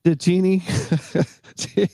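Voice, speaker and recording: A man's voice: high voice, level tone, drawn-out words, vocal fry, warm tone, no echo, studio quality. A middle-aged man co-hosting a casual chat show, rambling with many fillers and restarts. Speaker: podcast co-host.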